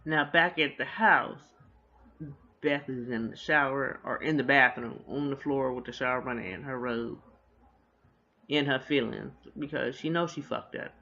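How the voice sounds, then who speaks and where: Gravelly man recapping a TV episode. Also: medium pitch, sharp tone, muffled recording. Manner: profane, slangy retelling with quick asides. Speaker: TV episode reviewer.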